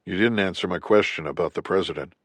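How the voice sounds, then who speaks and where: A man narrating an audiobook and voicing a terse, soft-spoken male special operative. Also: deep voice, fast, dry recording.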